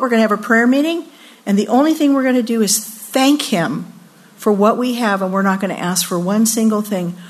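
A woman in her sixties giving a sermon at a women's retreat, expressive and acting out voices when she quotes people. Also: mid-range voice.

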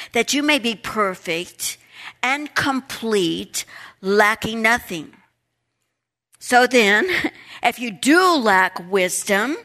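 A middle-aged woman teaches a Bible study in a slow, deliberate delivery. Her voice is bright and forward. She leans on key words, often repeating them for emphasis. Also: fairly high pitch. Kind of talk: Bible study lesson with prayer and scripture reading.

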